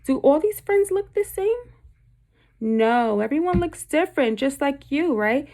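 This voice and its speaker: A woman's voice: high-pitched, expressive, unhurried, dark tone. A woman from Puerto Rico, a teacher reading a picture book aloud to her class and stopping often to ask the children questions.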